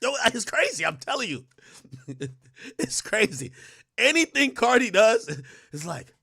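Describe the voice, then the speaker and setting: Man, high-pitched, bright tone, dry close sound, casual stream commentary, laughs a lot. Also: slow pace, creaky, long pauses, husky, no room sound. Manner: animated, laughing often, mocking fans in exaggerated voices. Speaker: stream co-host. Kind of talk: casual commentary on music and rappers.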